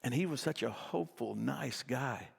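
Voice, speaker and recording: Middle-aged guy preaching, chatty and jokes about himself, kinda gravelly voice. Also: mid-range voice, lively intonation, normal speed, in a large hall. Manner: conversational storytelling, self-deprecating. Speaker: pastor. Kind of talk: sermon.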